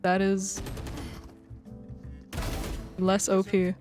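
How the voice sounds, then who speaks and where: A woman's voice: medium pitch, monotone, very slow. A young woman streamer chatting casually with her viewers, swearing freely and venting, with faint music behind her.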